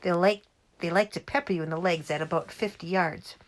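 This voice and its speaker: A woman voicing a cheerful middle-aged father who loves telling tales, lively and relishing every word. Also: lowish voice, fairly quick, natural voice. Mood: storytelling.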